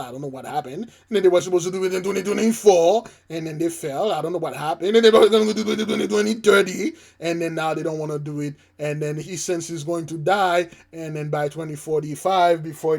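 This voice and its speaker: A man hosting his own channel, giving casual spiritual commentary on the news in a rambling, emphatic way that repeats his points. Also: on the high side. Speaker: channel host.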